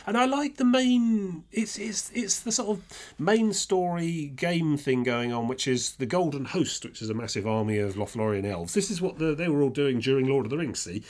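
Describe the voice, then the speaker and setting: A man's voice: medium pitch, lively intonation, moderate pace, darkish tone. A man chatting casually about a game he plays, rambling with many restarts and dry sarcastic asides. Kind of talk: casual gaming chat.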